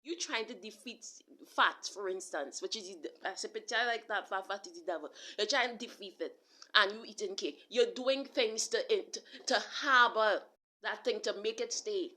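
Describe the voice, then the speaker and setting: A woman's voice: medium pitch, normal speed, bright, forceful tone. A woman preacher delivering a casual spoken sermon to her online audience, earnest and repetitive, talking straight to the listener. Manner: earnest, repetitive preaching with restarts and direct address. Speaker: self-described prophet and preacher.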